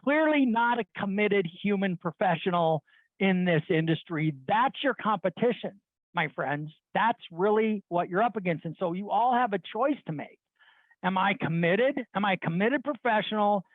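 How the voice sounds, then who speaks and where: A man's voice: sits high, animated, normal speed, dry recording. A middle-aged man and sales leader giving a blunt, rambling motivational talk to his team, often restarting his sentences. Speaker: sales leader addressing his loan officers. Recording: dry, tinny phone-like sound.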